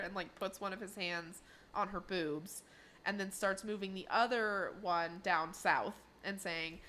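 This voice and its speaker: Slowly and in a mid-range voice, a woman recaps a cartoon episode on a podcast she co-hosts, chatting casually and acting out the dialogue with animation. Slight background noise is audible.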